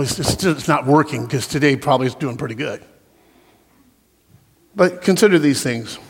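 A man delivers a sermon in a high, ringing voice. He tells homely stories, then climbs into fervent, shouted calls. A long reverb trails his words through the hall. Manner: storytelling, rising to impassioned shouts. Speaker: preacher.

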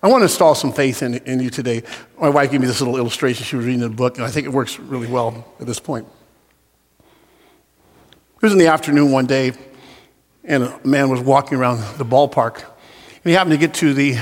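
A man preaching a sermon, telling stories and building to impassioned shouts. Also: mid-range voice, brisk, pauses often. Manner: storytelling, rising to impassioned shouts. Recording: long hall reverb.

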